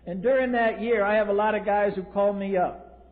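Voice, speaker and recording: A man's voice: high voice, fairly even intonation, normal speed. A man telling his recovery story from a podium, blunt and wry with dry humor, from the US East Coast. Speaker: recovery meeting speaker. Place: large convention hall. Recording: tinny lo-fi 1980s tape in a reverberant hall.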